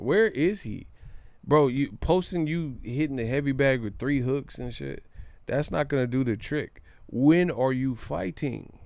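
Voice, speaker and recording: A man's voice: mid-range voice, gravelly, darkish tone, no echo. A man hosting a casual commentary vlog on his channel, slangy and joking, laughing often. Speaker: boxing channel host.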